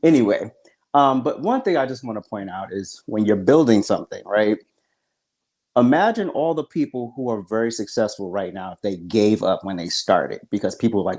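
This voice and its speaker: A man's voice: on the low side, expressive, normal speed, a little mellow. Blunt profane man ranting on a podcast. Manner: blunt, profane motivational rant. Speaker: podcast co-host. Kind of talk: casual podcast chat.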